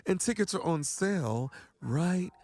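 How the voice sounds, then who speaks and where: A man who is a radio show comedian, running a prank call and promoting his shows with a straight face that turns loud. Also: high voice, lively intonation, measured pace, soft background music. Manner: straight-faced then loud and laughing.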